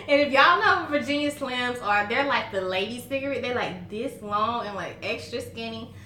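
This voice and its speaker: Pitched on the high side, this woman's voice is animated, bright and forceful, moving at normal speed. A vlogger from the Southern United States, she chats casually to camera in a folksy Southern American accent, laughing often over her stories, with roomy echo around her.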